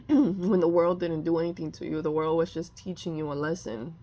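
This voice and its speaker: A woman's voice: low voice, moderate pace, dark tone. A woman giving a casual tarot reading, rambling with many fillers and restarts and often apologizing. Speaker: tarot reader.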